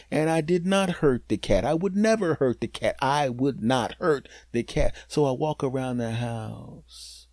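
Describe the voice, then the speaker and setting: A man hosting a podcast, telling a comic story in an animated way that swings from loud to hushed, with deadpan punchlines. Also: fairly high pitch, normal speed, hardly any pauses, no echo, clean studio sound. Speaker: podcast host.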